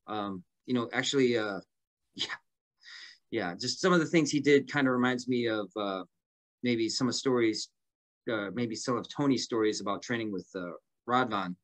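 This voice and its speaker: A man's voice: medium pitch, a bit bright. A man as a podcast guest, telling long stories casually with many fillers and restarts. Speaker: guest fighter.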